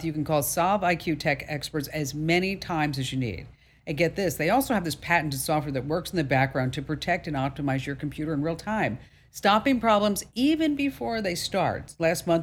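A woman hosting a radio tech talk show, brassy and jokey, with emphatic delivery and playful asides. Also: sits low.

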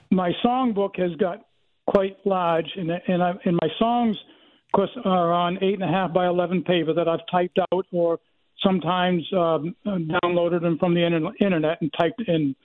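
High-voiced man caller, halting with lots of ums, on a tinny phone line. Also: fairly even intonation. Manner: hesitant, with many fillers. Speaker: radio show caller. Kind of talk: phone call to a radio show.

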